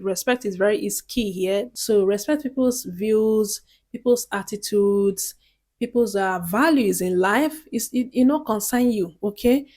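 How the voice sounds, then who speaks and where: A woman talks straight to camera in a casual advice vlog. She is chatty and earnest, and she often pauses to check in with her viewers. Her voice sits at an ordinary middle pitch. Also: a little mellow. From Nigeria. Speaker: vlogger.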